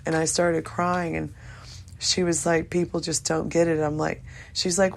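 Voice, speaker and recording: Older woman, low pitch, gravelly, rambling, casual swearing, vlog monologue. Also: level tone, moderate pace. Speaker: vlogger.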